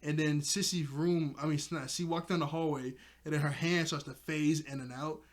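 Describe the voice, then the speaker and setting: A man with a somewhat high voice gives a casual, excited recap of an episode. He chuckles often as he retells the scenes. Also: normal speed. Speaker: episode reviewer.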